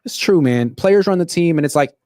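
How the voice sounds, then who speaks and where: A young man hosting a solo sports show, ranting in animated, quick bursts. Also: fairly high pitch, dry recording, studio quality. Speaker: sports podcast host. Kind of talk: solo livestream commentary.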